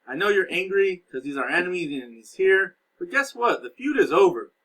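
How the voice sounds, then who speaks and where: A man voicing a stern older nobleman who loudly commands his angry nephew in a lesson reading. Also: high voice, big pitch swings, a little fast, voice pushed up, exaggerated voice, rough recording. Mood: scolding. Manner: loud, commanding, emphatic.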